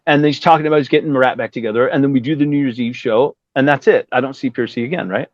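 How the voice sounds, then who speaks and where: Here the fiftysomething guest musician talks fast, with no echo, telling an animated story in a casual interview. Quoting others, he jumps sharply in pitch, and he swears a lot; the audio is dry, dull lo-fi.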